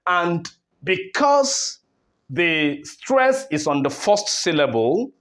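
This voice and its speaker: Man, Nigerian English accent, online English teacher, slightly high voice, slow deliberate delivery, repetitive explaining. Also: sing-song, a bit bright. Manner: explains slowly, repeats terms, many fillers and okays. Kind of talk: online lesson on oral English.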